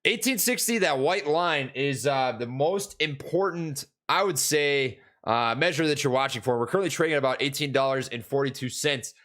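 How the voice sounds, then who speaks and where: A man's voice: mid-range voice, lively intonation, normal speed, few pauses, fairly bright tone. A young man from Minnesota, casually chatting on a live stream about stocks, rambling with many fillers and restarts while answering chat.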